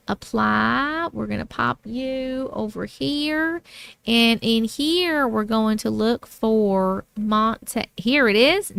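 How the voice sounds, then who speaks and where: A woman with a Long Island New York accent hosts a casual livestream. Her voice sits high and sounds smooth and crisp. The recording is close and dry, and she chats in a bubbly way, thanking viewers one by one. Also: takes it slowly, a bit bright, dry recording. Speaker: livestream host and story reader.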